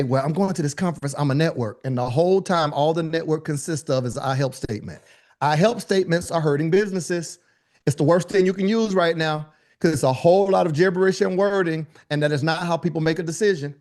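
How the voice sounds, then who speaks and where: Lively man coaching a workshop crowd. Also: on the high side. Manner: animated, joking asides, talks to the room directly. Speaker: business speaking coach. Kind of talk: live workshop teaching.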